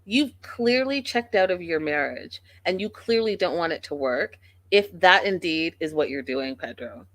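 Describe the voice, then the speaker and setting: A woman's voice: lowish voice, normal speed, no echo. A woman hosting a reality TV recap show, talking casually and acting out what the cast said. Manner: animated, acts out quotes of the cast.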